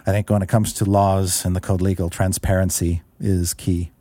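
A man talking quickly and plainly as a guest. His voice sits low and sounds mellow and dark, with a dry, close sound. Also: little pitch movement, dry recording. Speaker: game designer guest. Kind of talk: casual interview.

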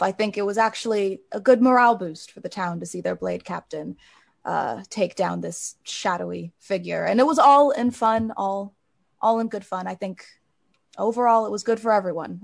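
A woman voicing a kind female magister in a tabletop game, gentle and reassuring with an awkward streak. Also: mid-range voice, moderate pace, creaky.

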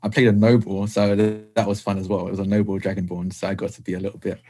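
A man's voice: sits low, flat delivery, fast talker, dark tone. A young British man chatting casually as a podcast guest, laughing often between phrases. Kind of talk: casual chat.

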